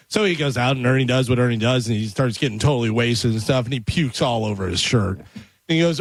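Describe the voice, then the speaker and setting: A man's voice: mid-range voice, a little fast, no room sound. Joke-telling man on a dry studio mic. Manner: animated joke-teller, voices characters loosely. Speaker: radio show co-host. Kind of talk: casual radio banter, telling a joke. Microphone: studio microphone.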